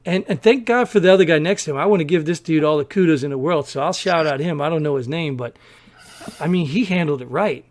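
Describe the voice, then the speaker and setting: Male co-host, animated storyteller, mid-high voice. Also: quick pace. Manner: animated storyteller, acts out quoted people. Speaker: podcast co-host. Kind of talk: casual storytelling chat.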